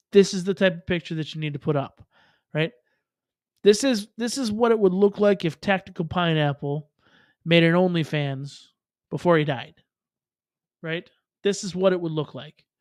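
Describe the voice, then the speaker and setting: A man with a high voice hosts his livestream in a loose, rambling way, full of swearing and laughing asides. The sound is close and dry, with no room around it. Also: no room sound. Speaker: livestream host. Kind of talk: casual livestream chat.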